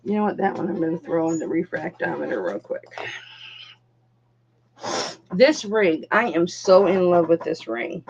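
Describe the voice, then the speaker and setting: A woman's voice: on the low side, animated, moderate pace, gravelly, pauses often, darkish tone. A woman hosting a live online jewelry auction, chatting casually and calling viewers darling, honey and doll. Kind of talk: casual live-stream selling chat. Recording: dull lo-fi sound.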